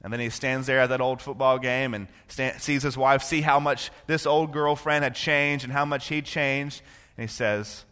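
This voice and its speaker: Male preacher, bright and slightly high, shifts from hushed story to fervent sermon, long hall echo. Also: steady tone, normal speed, clean tone. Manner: builds from quiet storytelling to impassioned preaching. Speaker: pastor.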